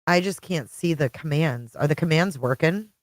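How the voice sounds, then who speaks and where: Middle-aged woman, deep voice, friendly rambling livestream host, dry close sound. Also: moderate pace, no room sound. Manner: chatty, greets viewers by name. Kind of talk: casual live-chat stream.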